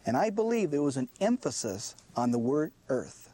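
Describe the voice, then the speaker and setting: Male preacher, emphatic sermon delivery with rhetorical questions, fairly high voice that swings widely, close dry sound. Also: big pitch swings, normal speed, few pauses, mellow, no echo. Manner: emphatic, repeats "listen" to drive points home; asks rhetorical questions and answers them.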